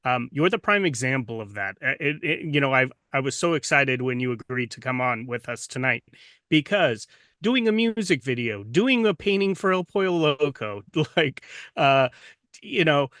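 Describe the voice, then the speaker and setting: A man hosts a podcast in a bright, forward voice recorded close and dry. He praises his guest warmly and takes long, rambling runs at his questions, restarting often. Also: medium pitch, very animated, moderate pace, no room sound. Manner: admiring, rambling, with many restarts. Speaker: podcast host, program leader. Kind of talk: interview questions.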